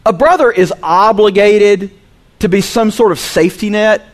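A male pastor preaching a sermon, swinging between soft low asides and loud, emphatic peaks. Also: normal speed. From Southern US.

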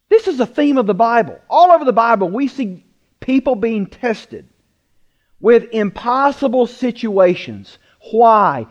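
A man preaching a sermon, emphatic, asking rhetorical questions and slowing down to stress words. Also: very high voice, a little mellow, muffled recording. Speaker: pastor.

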